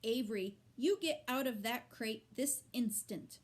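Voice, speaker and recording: A woman's voice: high voice, animated, measured pace, darkish tone, voice pushed up. A woman reading aloud and voicing a stern farm mother who scolds her son. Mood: scolding.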